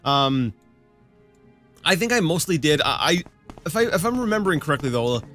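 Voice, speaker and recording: Bright rambling man narrating gameplay. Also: a little high, big pitch swings, moderate pace, soft background music. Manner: rambling, stammers and repeats words. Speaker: let's play host. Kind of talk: casual gameplay commentary.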